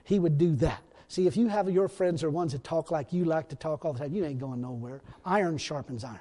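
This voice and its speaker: A man's voice: a little high, a little fast, mellow. A man preaching a storytelling sermon in a folksy, rambling way, often laughing at his own stories. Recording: long reverb in a hall.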